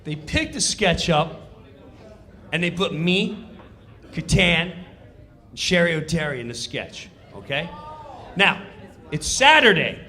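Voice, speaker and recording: Casting: middle-aged comedian, bright, lively storytelling voice, loud and animated. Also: male voice, fairly high pitch, slow pace, pauses often. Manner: animated, loud, acting out scenes. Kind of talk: stand-up storytelling.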